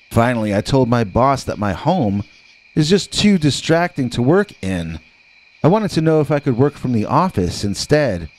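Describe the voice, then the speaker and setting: Man narrating a scary story, lively pitch.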